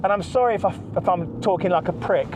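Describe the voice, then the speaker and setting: Angry, high-voiced man ranting. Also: quick pace, noisy background. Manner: angry, heavy swearing, repeats himself. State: stressed and agitated. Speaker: podcast host. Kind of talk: ranting monologue.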